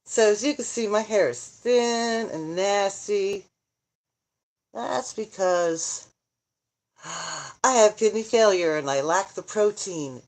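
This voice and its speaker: A woman's voice: medium pitch, expressive, slow, long pauses, darkish tone. A middle-aged woman chatting casually on a livestream, joking, rambling and answering viewer comments as she goes. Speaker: vlogger, grandmother. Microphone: phone.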